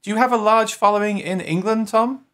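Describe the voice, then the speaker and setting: A man's voice: high-pitched, fairly even intonation, fairly quick, fairly bright tone. Chatty enthusiastic host, man. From New York City. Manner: enthusiastic, chatty, reads out viewer comments. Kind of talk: casual live-stream interview.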